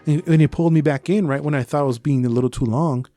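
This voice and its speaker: Profane, animated man reviewing movies. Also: on the high side, fast. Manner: animated, profane, acts out his own reactions, mixes in Spanish slang. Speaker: podcast co-host. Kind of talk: casual movie review chat.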